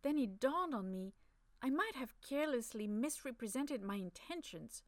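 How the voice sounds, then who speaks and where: A woman narrating a first-person story for an audiobook, soft, measured and intimate. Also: a little high, lively intonation, no room sound.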